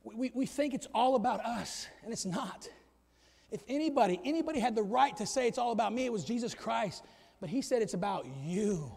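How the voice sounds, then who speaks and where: Middle-aged male pastor, high voice, animated sermon, quiet asides and shouted peaks, long church reverb. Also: fairly quick, vocal fry. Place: church sanctuary.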